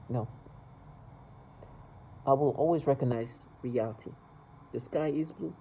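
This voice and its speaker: A man's voice: mid-range voice, warm tone, lo-fi sound, a little hiss or hum. A man talking to camera in a rambling, agitated monologue, repeating himself and stumbling over restarts.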